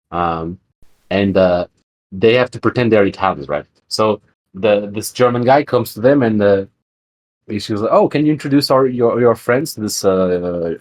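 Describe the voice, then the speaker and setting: Low-voiced man rambling in casual chat. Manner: rambling, full of fillers and restarts. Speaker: podcast co-host.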